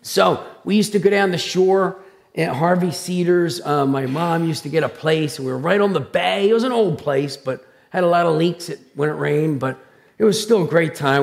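A man preaching a sermon, telling stories in a loud, animated, dramatic way. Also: on the high side, vocal fry. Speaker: pastor. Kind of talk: sermon with personal storytelling.

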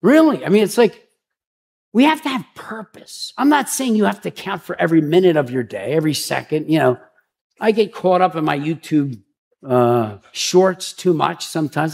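A pastor giving a conversational sermon, chatty and rambling, with frequent restarts and asides. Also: male voice, on the high side, animated, moderate pace, gravelly, darkish tone.

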